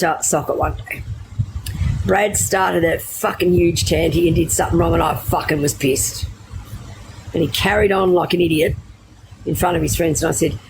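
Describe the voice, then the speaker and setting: A woman's voice: low-pitched, gravelly. A middle-aged woman with an Australian accent telling brash, swearing anecdotes in casual chat. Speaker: storyteller. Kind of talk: casual storytelling. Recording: noisy background.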